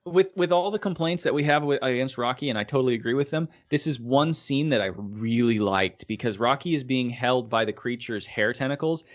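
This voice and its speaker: A man's voice: medium pitch, fairly quick, hardly any pauses. A man co-hosting a casual podcast discussion, talking enthusiastically about a scene he loved. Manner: enthusiastic and animated. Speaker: podcast co-host.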